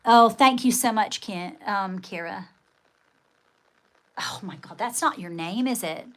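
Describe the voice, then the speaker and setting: A woman's voice: mid-range voice, measured pace. A woman hosting a casual livestream, chatting with viewers and thanking them, often calling them darling. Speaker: livestream host.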